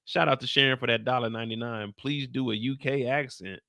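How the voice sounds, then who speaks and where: Man, show recap host, very bright forceful voice, slangy, dry close mic. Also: medium pitch, fairly quick, gravelly, dry recording. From United States. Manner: animated, slangy, talks straight to his viewers. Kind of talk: casual live-stream recap chat.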